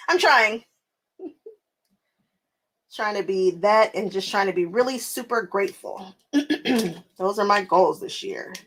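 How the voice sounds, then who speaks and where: Woman, young adult, quilting channel host, casual chat, chatty and laughing, answers viewers by name, mid-pitched voice. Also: slow pace, pauses often, a bit bright, a little hiss or hum, rough recording. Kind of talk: casual chat while crafting.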